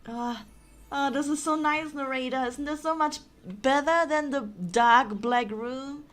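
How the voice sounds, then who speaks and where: A woman's voice: sits high, a little slow, fairly bright tone, soft background music. A woman streaming a video game, chatting casually with a giggly, dramatic and apologetic manner. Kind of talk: casual live-stream gaming commentary.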